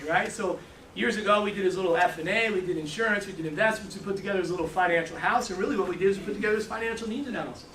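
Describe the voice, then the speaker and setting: A man giving an animated training talk to a room, storytelling and repeating his words. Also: sits high, racing, slight background noise. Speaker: financial services trainer. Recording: echoey room from far off.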